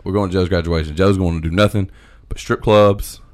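A man telling a long story in casual chat, animated, swearing and quoting his friends. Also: deep voice, brisk.

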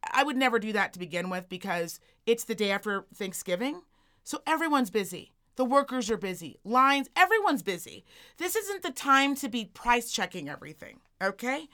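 A woman co-hosting a podcast, telling a comedic story in a sassy, profane, animated way. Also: a little high. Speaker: podcast co-host.

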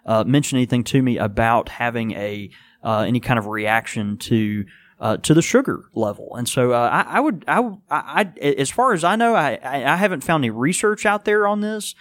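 Male podcast co-host, mid-pitched, hesitant delivery full of ums and restarts. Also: lively intonation, fairly bright tone, no echo. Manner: halting, many fillers and restarts. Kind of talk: casual podcast chat.

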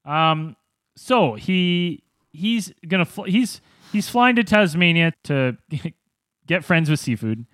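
A man's voice: on the high side, animated, slow pace, a bit bright, dry recording. A man co-hosting a podcast in casual chat, playful and joking. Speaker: podcast co-host.

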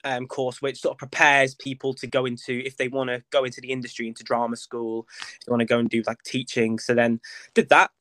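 A young man, chatting as a podcast guest in a flamboyant, expressive way. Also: medium pitch, a little fast. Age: young adult. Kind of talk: casual interview chat.

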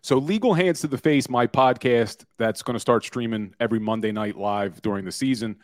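A man's voice: mid-range voice, a little fast, no echo. A forty-year-old man talks sports on a radio show. He tells stories with energy and a bit of self-deprecation. The studio mic is close and dry, with no room sound. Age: 40s. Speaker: guest, podcaster and former lawyer. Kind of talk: casual sports radio interview.

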